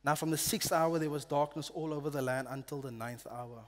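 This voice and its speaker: A man preaching a sermon in a church hall, reading scripture earnestly and dropping to a hush on solemn lines. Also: fairly high pitch, brisk, hardly any pauses. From South Africa. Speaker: pastor.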